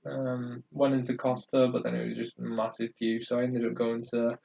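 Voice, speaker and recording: A man's voice: medium pitch, completely flat delivery, moderate pace, creaky, dark tone, recorded from a distance. A man hosting a podcast, telling stories casually with lots of fillers and restarts. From North of England. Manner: rambling, hesitant storytelling with many fillers. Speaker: podcast host. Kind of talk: casual chat. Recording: muffled sound from away from the mic.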